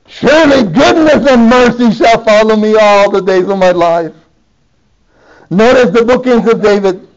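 High-voiced fervent male preacher. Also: dull audio. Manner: fervent, pleading, rising to high impassioned cries. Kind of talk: evening sermon.

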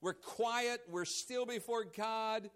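A male pastor preaches slowly in a clear, resonant tone. He swings between loud, emphatic lines and quiet, low asides, acting out the voices of those he quotes.

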